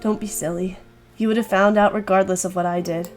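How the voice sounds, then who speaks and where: A woman voicing a remorseful teenage schoolgirl who has killed someone, speaking low, quiet and resigned. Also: steady tone, measured pace, soft background music, lightly acted.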